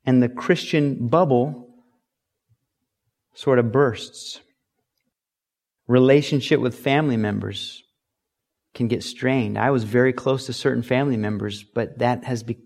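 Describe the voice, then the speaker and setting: A middle-aged man preaching a sermon, telling stories and acting out quoted voices with sudden loud, high bursts. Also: steady tone, a little slow, pauses often. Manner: storytelling, acts out loud shouting quotes. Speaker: pastor.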